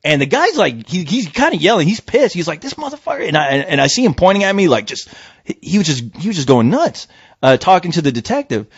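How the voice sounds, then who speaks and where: A man on a podcast tells a story in a loose, profane way and acts out every voice in it. His pitch sits a bit high and swings widely. The recording is dry and somewhat muffled. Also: sing-song, fast, husky, dry recording. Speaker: podcast host. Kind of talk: casual storytelling chat. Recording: dull dry lo-fi sound.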